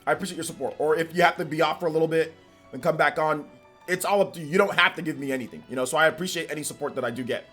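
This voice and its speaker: A man's voice: fairly high pitch, racing, a bit bright, faint music behind. A man hosting a livestream, chatting casually with viewers and teasing them in mock anger. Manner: playful mock-angry teasing of chat. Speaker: livestream host.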